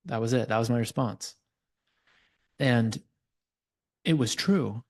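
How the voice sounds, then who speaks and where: Gravelly-voiced man calmly explaining. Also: mid-range voice, slow pace, long pauses. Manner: earnest, explaining with examples. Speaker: podcast guest, inquiry coach. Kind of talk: conversational teaching.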